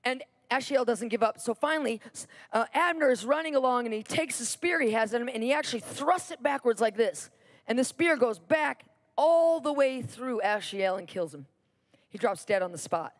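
A woman preacher retelling a Bible story in a sermon, animated and repetitive for emphasis. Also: a little high, moderate pace.

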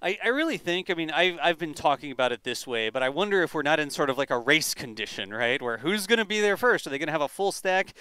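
A man's voice: a little high, animated, fast talker, few pauses, pushed and bright, clean tone, dry recording. A man hosting a casual spaceflight livestream chat, talking animatedly and tossing in rhetorical "right?" questions. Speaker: host.

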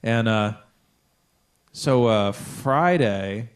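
On a podcast he co-hosts, a young man speaks extremely slowly in a lowish voice. He's a rambling storyteller in casual chat, telling a long tale, swearing freely, and acting out what others said.

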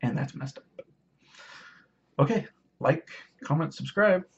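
A man vlogging, ranting to camera in a sarcastic, preachy way, with a husky voice. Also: fairly high pitch, lively intonation, slow, highs cut off. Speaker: YouTuber. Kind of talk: casual rant to camera.

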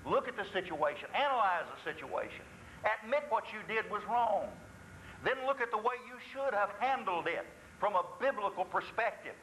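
A man's voice: sits high, lively intonation, normal speed, fairly bright tone, a little hiss or hum, poor audio. A male pastor preaching a sermon in a church, asking rhetorical questions and acting out confessions.

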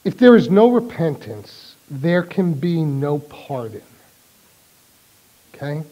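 A man from New preaches to his congregation. His voice is high and very expressive. He talks slowly and draws listeners in with questions. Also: lo-fi sound. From New York. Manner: animated storytelling, rallying the congregation with questions. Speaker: pastor. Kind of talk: sermon.

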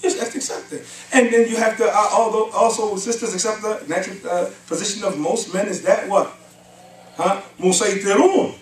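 A man's voice: sits high, steady tone, fairly quick. A man giving a religious lecture in a mosque, reciting Arabic verses and asking the audience rhetorical questions. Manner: quotes Arabic verses and asks rhetorical questions like "huh?" and "what?". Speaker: Islamic lecturer. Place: mosque hall. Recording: echoey hall, mic at a distance, faint hiss.

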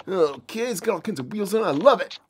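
A performer voicing an excitable, giggly male puppet who hosts a kids' game play show, laughing often and making boom and beep sounds. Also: brisk, a little hiss or hum, close to an everyday voice. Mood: giddy. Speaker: host. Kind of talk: game play commentary for kids.

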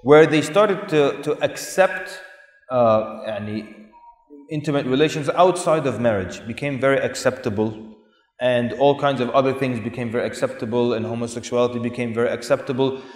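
A man's voice: mid-range voice, moderate pace. Man lecturing in an echoey hall. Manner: conversational, asks the audience questions; sprinkles Arabic words into English. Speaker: Islamic speaker. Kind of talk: lecture to a live audience.

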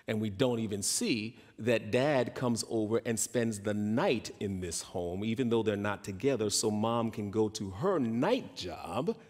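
A man's voice: darkish tone, big-room sound. A man preaching a sermon, telling stories and acting out the voices of the people in them. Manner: storytelling, acts out quoted voices in a raised pitch. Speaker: pastor.

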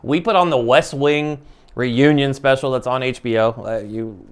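A man's voice: mid-range voice, moderate pace, clear, resonant tone. A man in his forties, from the United States, hosting an interview in a passionate, emphatic way, often restarting his sentences. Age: 40s. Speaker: show host. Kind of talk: conversational interview.

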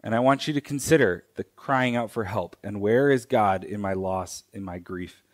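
A man preaching a sermon in a church, teaching slowly and deliberately, pausing and repeating key phrases. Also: lowish voice. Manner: slow, deliberate teaching with pauses and repetitions.

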